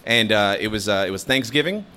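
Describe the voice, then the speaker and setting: A man's voice: fairly low pitch, lively intonation, brisk, bright, forceful tone, clean tone. A man, a comedian guest, starting a fight story on a live podcast, hesitant with lots of ums and uhs.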